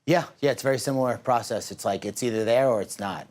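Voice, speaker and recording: A man's voice: medium pitch, fast talker, a little mellow. A young man talking as a guest in a TV studio interview, in a casual, rambling way with a lot of "like". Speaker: guest, meme creator.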